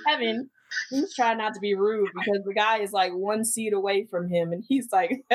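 A woman's voice: medium pitch, moderate pace. A woman co-hosting a podcast, telling a story in casual chat and acting out quotes with a lot of energy. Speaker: podcast co-host.

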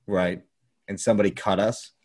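A man co-hosting a casual comedy podcast, jokey and animated, teasing his friends. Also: lowish voice, normal speed. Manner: jokey, animated, slips into a mock politician voice. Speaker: podcast co-host.

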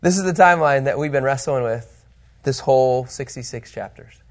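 A man teaching an informal Bible lesson, animated and chatty, often checking in with his listeners and his co-host. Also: medium pitch, moderate pace.

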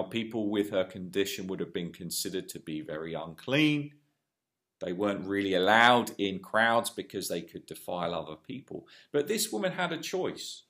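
A man preaching a sermon with an earnest delivery, rising to loud emphasis and dropping to hushed lines. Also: deep voice.

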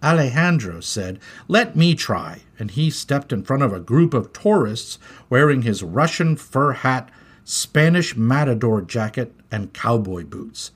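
Animated, husky-voiced male storyteller. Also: mid-range voice, a little slow. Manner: expressive, animated. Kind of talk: storybook read-aloud.

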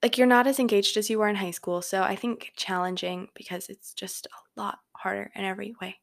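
A woman's voice: medium pitch, steady tone, brisk, creaky. A young woman hosting a casual solo podcast from her bedroom, rambling with lots of filler words. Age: young adult. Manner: rambling, filler-heavy chatter. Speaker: podcast host. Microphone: home microphone.

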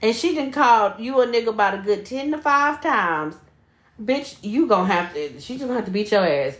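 A young woman co-hosting a podcast, telling a story in casual chat with lively, profane retellings and acted-out quotes. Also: fairly high pitch, brisk. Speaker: podcast co-host. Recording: echoey room.

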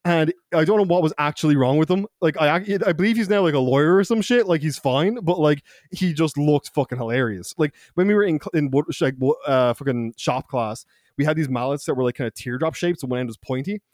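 A young man tells rowdy school stories on a podcast, swearing freely and breaking into laughter. His voice sits fairly high for a man, and the sound is dry and close, with no room around it. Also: fairly quick, a little mellow, dry recording. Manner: profane, laughing, quotes people in put-on voices. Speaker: podcast co-host. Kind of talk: casual storytelling.

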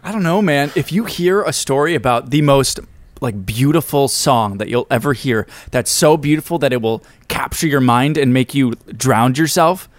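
A man's voice: medium pitch, moderate pace, dry recording. A young man co-hosting a casual podcast chat, musing earnestly and rambling a bit. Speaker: podcast co-host.

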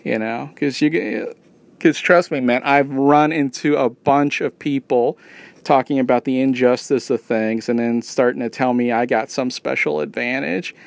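A man's voice: medium pitch, steady tone, normal speed, vocal fry, no room sound. Casual guy rant, profane, rambly, sarcastic, dry close sound.

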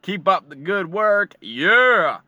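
A man's voice: high-pitched, sing-song, takes it slowly, dry recording. Foul-mouthed guy ranting about hockey. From Canada. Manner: swears constantly, sarcastic, swings between shouting and muttering. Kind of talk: profane casual rant.

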